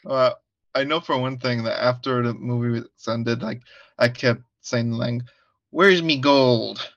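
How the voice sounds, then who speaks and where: A man's voice: medium pitch, flat delivery, a little slow, no room sound, highs cut off. A man co-hosting a casual movie review podcast, hesitant and laughing often. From United States. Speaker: podcast co-host.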